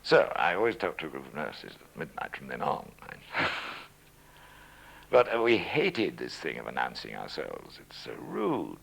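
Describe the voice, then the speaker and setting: An older man with a very deep, gravelly voice looks back on his broadcasting days in a dry, self-mocking way. His pitch moves a great deal as he tells his stories. A faint hum sits under the recording. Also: huge pitch swings, a bit bright, poor audio. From Scotland, raised in England. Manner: measured, wry, self-deprecating. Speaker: interviewee, former radio newsreader. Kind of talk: reminiscing interview. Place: at home.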